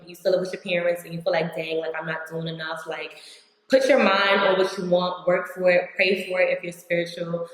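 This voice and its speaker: Young woman from new york, kinda low voice, chatty, like like like, super echoey room. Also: a bit bright. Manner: chatty, says "like" constantly, acts out her own past words. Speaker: vlogger. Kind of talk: casual life-update chat.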